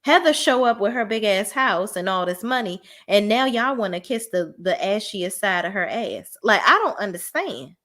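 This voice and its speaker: A woman's voice: mid-range voice, moderate pace, few pauses. A woman talks through a reality TV episode in a casual, unfiltered vlog. Her voice sits in a middle register, and she is blunt and profane. She jumps into the cast's lines herself. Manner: blunt, profane, animated, acts out quoted lines. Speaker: reality TV reviewer.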